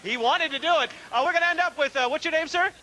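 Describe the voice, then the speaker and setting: A man hosting a live TV game show in a studio, energetic and quick as he coaxes contestants along. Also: very high voice.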